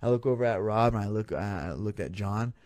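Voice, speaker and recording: Profane, lively male guest telling a story. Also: fairly low pitch, fairly quick, no echo. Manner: profane, lively, acts out his own quoted reactions. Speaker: podcast guest. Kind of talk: casual storytelling.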